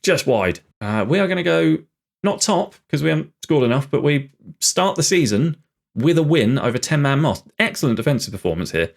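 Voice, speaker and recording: A young man thinking aloud and commentating live on his own game, chatty and bursting into excitement at goals. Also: a little high, fairly quick, vocal fry. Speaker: gaming channel host.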